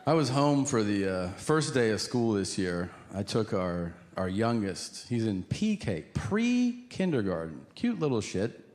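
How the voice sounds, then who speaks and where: A man's voice: lowish voice, measured pace. A middle-aged man doing a stand-up set for a live audience, telling stories and acting out both sides of each conversation. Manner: lively storytelling, acts out both sides of dialogue. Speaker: stand-up comedian. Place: comedy venue before a live audience. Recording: live hall recording with audience noise.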